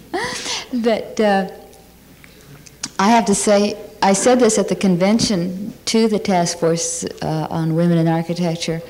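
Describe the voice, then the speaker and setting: A woman's voice: medium pitch, darkish tone, a little hiss or hum. A woman architect on a discussion panel, stating her views firmly and emphatically. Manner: firm, emphatic statements.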